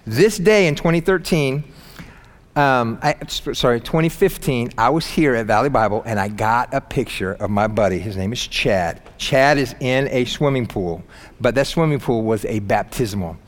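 A man preaching a sermon in church, animated and humorous, jumping between loud bursts and quiet asides and laughing at his own jokes. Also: medium pitch, moderate pace. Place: church sanctuary.

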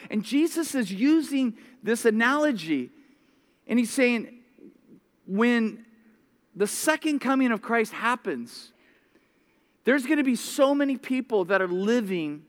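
A man preaching a sermon as a pastor, telling stories with lively acted-out voices and often repeating words as he starts sentences. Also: extremely high pitch. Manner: animated storytelling, acting out voices.

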